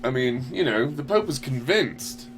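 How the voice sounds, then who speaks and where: A man's voice: mid-range voice, sing-song, a little slow, fairly bright tone. Rambling casual man hosting a show. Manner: rambling, loose, swears casually. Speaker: podcast host. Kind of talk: casual talk radio chat.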